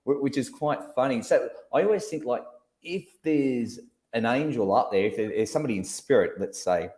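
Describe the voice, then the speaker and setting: Man, joking host, middle pitch, echoey room. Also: normal speed. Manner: joking, animated storyteller. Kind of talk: casual chat.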